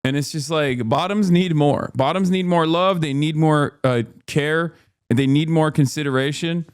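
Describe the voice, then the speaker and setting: Guy streaming casual chat, kinda high voice, rambles and gets worked up, dead dry room. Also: measured pace, clean tone, dry recording. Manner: rambling, animated, swings from mumbling to loud exasperation. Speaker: streamer host.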